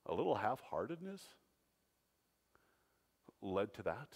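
A man preaching a sermon as pastor, dramatic, swinging between loud, emphatic phrases and hushed, low ones. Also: very animated, measured pace, pauses often, dull audio. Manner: dramatic preaching with wide swings in loudness and pitch. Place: church sanctuary. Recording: long church reverb.

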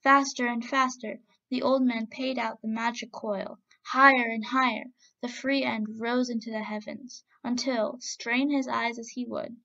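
A woman narrating a storybook tale as storyteller, reading with a steady, expressive manner. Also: a little high, unhurried, gravelly, hardly any pauses. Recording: dull lo-fi recording.

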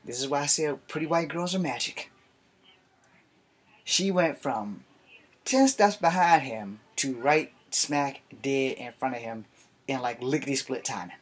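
A man telling a story from his youth in a casual live stream, animated and profane. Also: mid-range voice, measured pace, husky.

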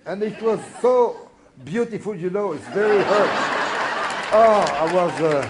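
A man's voice: high voice, a little slow, very noisy. A man with a French accent telling a story in broken English as a talk show guest. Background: studio audience laughing.

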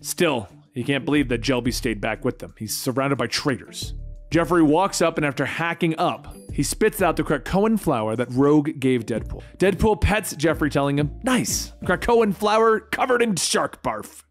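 A man narrating a comic book story in a lively, quick recap style. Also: medium pitch, soft background music.

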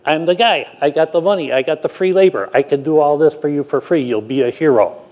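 An older man quoting a pushy salesman with a boastful pitch. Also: fairly quick, a little mellow, close to an everyday voice, low-quality recording. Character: pushy smooth-talking male salesman.

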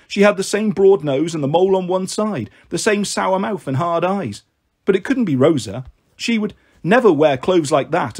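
A man narrating a novel aloud in a steady storytelling manner. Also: fairly high pitch, husky. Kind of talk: audiobook narration.

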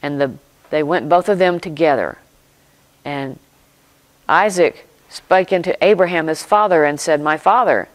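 A pastor preaching a sermon, retelling a scripture story in slow, deliberate short phrases with pauses and reflecting aloud. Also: mid-range voice, no room sound, poor audio.

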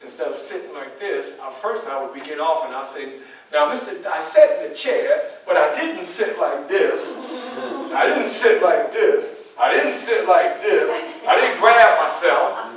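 Speaking unhurriedly in a voice on the high side, an actor takes on the role of a dignified 19th-century abolitionist and tells his story to a live audience. His earnest, animated storytelling speaks directly to the crowd in a library event room. The echoey, far-off recording carries slight background noise.

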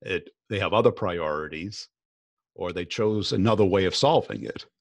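A man hosting a sales podcast, asking probing questions in a relaxed conversational way. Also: low voice, moderate pace, no echo. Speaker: podcast host. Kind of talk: conversational interview.

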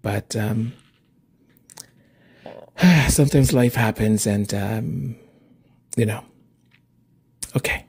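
A man's voice: fairly low pitch, extremely slow, creaky, pauses often, darkish tone, breathy edge. A man hosting his channel, chatting casually with viewers, hesitant and repeating himself, laughing often. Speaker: channel host.

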